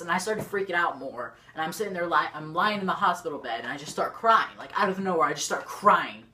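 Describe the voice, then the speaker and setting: A teenage girl with a low, deep-set voice tells a storytime straight to her camera. She rambles and talks in excitable bursts, filling her talk with "like" and restarts. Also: fast talker, few pauses, slight background noise. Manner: rambling, lots of "like", excitable swings. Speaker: YouTuber. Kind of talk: storytime vlog. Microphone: camera facing the speaker.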